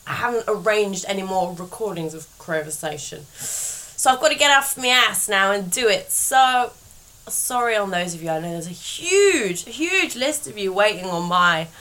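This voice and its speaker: A woman hosts her podcast in a worn-out, slow monologue. She drifts, restarts and corrects herself mid-sentence. Her voice is bright and forward despite the fatigue. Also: medium pitch, rough recording. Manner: slow, rambling, self-correcting. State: tired. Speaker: podcast host. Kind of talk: casual monologue.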